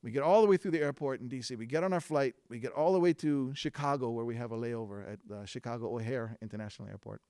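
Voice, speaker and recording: A man's voice: mid-range voice, fast, hardly any pauses, no room sound. Male storyteller, casual and chatty, mid-range voice, dry sound. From Hawaiʻi. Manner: relaxed and conversational, with frequent fillers and restarts. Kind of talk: live storytelling on stage. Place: stage before a live audience.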